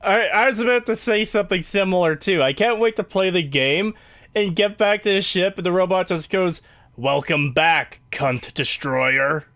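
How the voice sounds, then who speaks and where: A man's voice: sits high, fairly quick, a bit bright. A man in casual podcast chat who rambles and argues his points.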